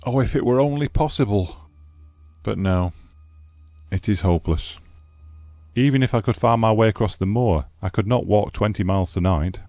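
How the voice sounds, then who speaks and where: A man's voice: fairly low pitch, moderate pace, warm tone, no echo, soft background music, lightly acted. A man voicing an impatient young husband in an audiobook, urgent and pleading. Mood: anxious. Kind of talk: audiobook character reading.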